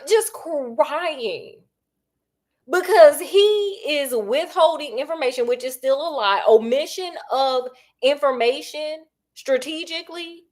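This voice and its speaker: A woman, chatting while she cooks and gossiping about reality TV in a sassy, dramatic way. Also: high voice. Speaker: cooking vlogger. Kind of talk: casual chat while cooking.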